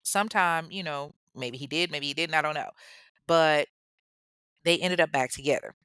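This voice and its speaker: A woman's voice: deep voice, normal speed, a bit bright, clear, resonant tone, no room sound. A woman hosting a podcast, retelling a true-crime case in a chatty, profane way with laughing asides to her listeners. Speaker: podcast host. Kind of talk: casual true-crime storytelling.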